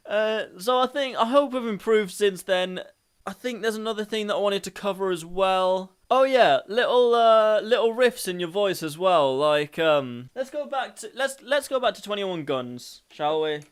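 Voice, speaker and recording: Energetic high-voiced man rambling. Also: unhurried, clean tone. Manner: energetic, rambling, laughs at himself. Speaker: singing tutorial host. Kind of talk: casual vocal tutorial.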